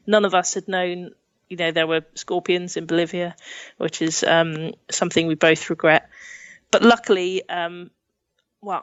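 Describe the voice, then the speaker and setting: Young english woman telling stories, laughs a lot, mid pitch, dry slightly muffled audio. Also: no room sound. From England. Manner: chatty, laughs often, acts out quotes. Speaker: podcast guest, adventurer. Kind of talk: casual storytelling in an interview.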